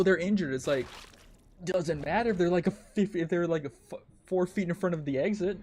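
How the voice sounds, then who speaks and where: A male game streamer with a slightly higher-than-usual voice, talking straight through his play. He rants and grumbles in frustration, and curses come thick and fast. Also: darkish tone, slight background noise. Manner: ranting, frustrated, heavy swearing. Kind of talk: live gameplay commentary.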